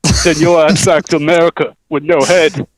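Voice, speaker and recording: A man's voice: on the high side, flat delivery, normal speed, lightly acted. A man voicing a brash Australian male boxer with a put-on Australian accent, taunting in boastful trash talk. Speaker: caller.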